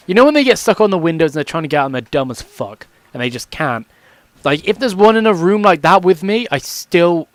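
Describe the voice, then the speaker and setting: Rambling young man, slightly high voice. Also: no room sound. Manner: rambling, swears freely, chatty. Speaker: gaming commentator. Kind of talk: casual gameplay commentary.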